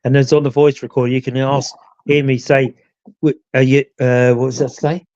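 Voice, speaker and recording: A man's voice: mid-range voice, level tone, moderate pace, a little mellow, no echo, lo-fi sound. A man, rambling through the story of a ghost hunt on a live chat show with a lot of "you know" asides. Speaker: ghost hunter, show regular. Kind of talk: casual live chat recounting an investigation.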